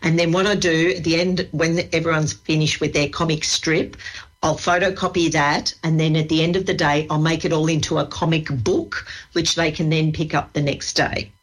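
A woman's voice: deep voice, fairly even intonation, normal speed. An Australian woman who works at a library, chatting with enthusiasm in a radio interview and laughing easily. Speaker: library staff guest.

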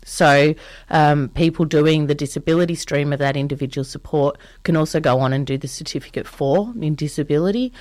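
A woman's voice: sits low, a little fast, darkish tone, dry recording. A woman answering interview questions in casual chat, explaining courses in a friendly way with lots of ums. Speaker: training provider guest.

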